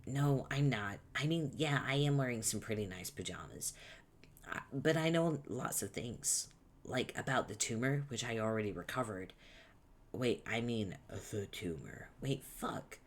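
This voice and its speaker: A man's voice: medium pitch, animated, unhurried. A man voicing a cheerful, naive teenage boy, upbeat and a bit puzzled, reading a webcomic aloud.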